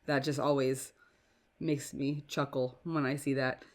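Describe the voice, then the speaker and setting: A woman's voice: a bass voice, little pitch movement, measured pace. Sick woman podcaster with a sore throat. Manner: stumbling over words, chatty and apologetic. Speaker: podcast host. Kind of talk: casual solo podcast talk.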